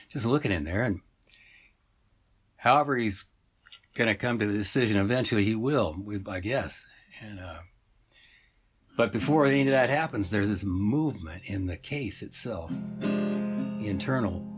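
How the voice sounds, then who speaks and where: Gravelly, meandering male storyteller. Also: fairly low pitch. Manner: meandering, full of fillers. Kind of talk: rambling oral storytelling.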